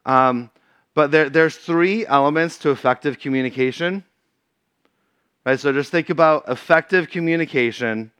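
A man's voice: mid-range voice, a bit bright, smooth, dry recording. A man from Massachusetts giving a casual talk as a guest speaker at a church, chatty and full of fillers.

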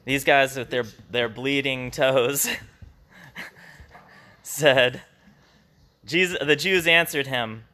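A man leads a congregation through a Bible passage at an unhurried, deliberate pace. His tone is bright and a little taut. He talks in a loose, conversational way, often restarting his sentences, and adds small chuckles as he goes. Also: medium pitch. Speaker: pastor. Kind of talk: informal Bible teaching to a congregation.

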